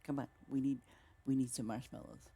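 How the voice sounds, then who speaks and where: A woman streamer chatting through a farming game, excitable and chatty, exclaiming often and talking to her viewers. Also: a bass voice, a little fast. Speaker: gaming streamer. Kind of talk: casual gameplay commentary.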